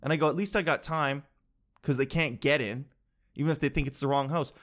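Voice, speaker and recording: Young guy rambling through a story, kinda high voice, swears a lot, acts out everyone. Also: brisk. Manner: animated, swears freely, acts out quoted voices. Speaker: vlogger telling a story. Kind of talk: casual storytelling monologue.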